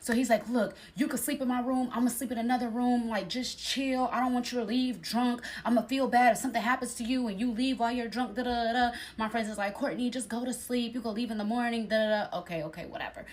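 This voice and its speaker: A young woman telling a dating story in a casual storytime, animated and acting out the other people's voices. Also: on the high side, quick pace, hardly any pauses. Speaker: storyteller in a clip.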